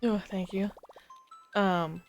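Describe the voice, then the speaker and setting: A woman with a lowered morning voice hosting a livestream, chatting casually while she plays a game, easygoing and rambling with many fillers. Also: fairly even intonation, takes it slowly, music in the background. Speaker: livestream gamer host.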